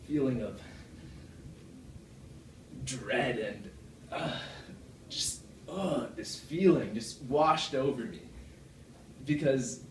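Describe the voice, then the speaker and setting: A man giving a rambling, self-deprecating club speech full of fillers and restarts, recorded from across a meeting room. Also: noisy background. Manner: puts on a deeper voice from the chest. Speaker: club speaker. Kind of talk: prepared speech. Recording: echoey room from far off.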